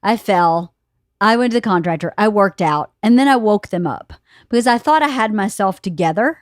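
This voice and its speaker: Animated woman in her fifties telling a story. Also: medium pitch, normal speed, no room sound, clean studio sound. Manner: animated storyteller who laughs often and acts out quotes. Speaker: podcast host. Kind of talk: casual chat. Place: home studio room.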